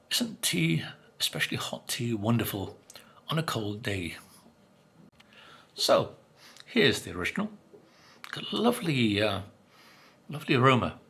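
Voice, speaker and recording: This is a casual food review in which an older man samples biscuits, rambling with plenty of fillers and occasionally speaking through a mouthful. The vlogger's voice is fairly high with vocal fry, fairly bright, and slightly rough.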